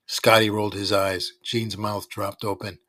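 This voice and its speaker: A man's voice: fairly low pitch, level tone, unhurried, a bit bright, no room sound. A man reading a first-person story aloud with wry, dry storytelling. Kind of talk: scripted first-person narration.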